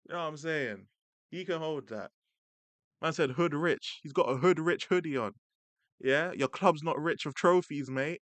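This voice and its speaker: A man's voice: on the high side, moderate pace, fairly bright tone, dry recording. A young man, a streamer mocking football rivals in casual, slang-heavy banter. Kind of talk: casual livestream rant.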